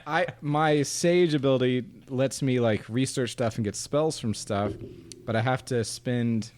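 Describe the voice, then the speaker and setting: A man's voice: medium pitch, measured pace, darkish tone. A man talking as a player in a tabletop game, joking and cautious.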